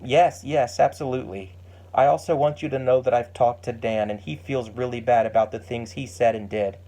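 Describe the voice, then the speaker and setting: A man's voice: mid-range voice, fairly even intonation, normal speed, mellow, natural voice. A man voicing a young woman who earnestly apologizes to her best friend in a story. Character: remorseful young woman, warm and eager friend.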